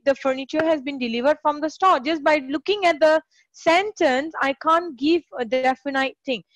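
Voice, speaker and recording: A woman's voice: high voice, dry recording. A woman tutoring English in a live online class, chatty and encouraging, greeting students by name.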